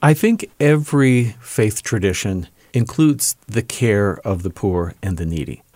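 A man interviewing, gently reflecting faith ideas back to his guest. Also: on the low side, lively intonation, a little slow, no room sound.

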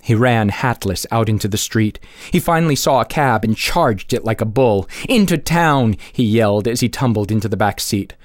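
A man reading a classic short story aloud with expressive, varied delivery. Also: lowish voice, normal speed, hardly any pauses, dry recording, clean studio sound.

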